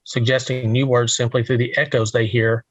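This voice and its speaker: A man of middle pitch delivers a careful poetry lecture, pacing his phrases slowly and letting each one settle before the next. The sound is dry and close, with no room echo. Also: little pitch movement, fairly bright tone. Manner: slow and deliberate, pausing between phrases. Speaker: poet giving a talk on line breaks. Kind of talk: measured literary lecture. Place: home recording for a virtual event.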